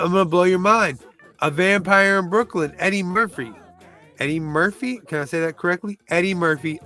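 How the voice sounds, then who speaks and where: A man's voice: fairly high pitch, pushed and bright. A man who reviews movies chats casually through a countdown, rambling loosely, restarting and groping for names.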